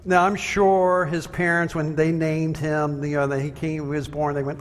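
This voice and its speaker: A man preaching a sermon in a conversational, animated way, telling stories and acting out the quotes. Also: a little high, moderate pace. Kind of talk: sermon with storytelling. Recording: long hall reverb.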